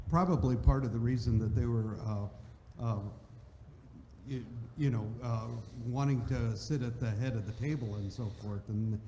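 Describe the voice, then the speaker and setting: Class member, male, halting, filler-heavy, picked up from far off in a noisy, echoey room. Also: medium pitch. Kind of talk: class discussion comment.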